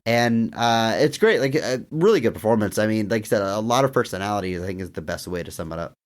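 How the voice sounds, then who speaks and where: Lively-pitched joking podcast man. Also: quick pace. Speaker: podcast co-host. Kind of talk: casual film review chat.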